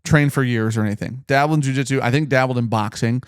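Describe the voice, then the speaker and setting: A man's voice: medium pitch, quick pace, smooth, no echo, clean studio sound. A man co-hosting a casual podcast, telling a story with lots of swearing and acting out what people said. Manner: animated storyteller, swears freely, acts out quoted lines. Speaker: podcast co-host. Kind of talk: casual chat, retelling a story.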